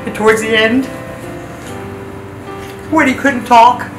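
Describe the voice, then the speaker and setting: A woman's voice: fairly high pitch, steady tone, slow pace. A woman remembering a loved one in an interview. Her voice rises with emotion. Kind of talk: heartfelt reminiscing. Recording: roomy room with music behind.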